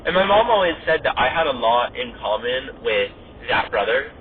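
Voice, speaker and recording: A podcast host chats casually and rambles, filling his talk with "like" and "you know." His mid-range voice is sing-song at a normal speed. The audio sounds tinny, like a phone, with faint noise.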